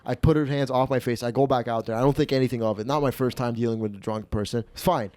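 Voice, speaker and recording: A man's voice: mid-range voice, fast talker, no echo. Swearing young man telling a story. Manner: animated, swearing, acts out quotes loudly. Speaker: comedian podcast host. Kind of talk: casual storytelling.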